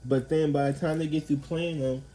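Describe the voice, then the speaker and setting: Man, casual tarot reader, mellow tone, slangy, rambling, swears a lot. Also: a little high, moderate pace, poor audio. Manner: rambling, slangy and profane, heavy use of "like"; animated, acts out quoted people.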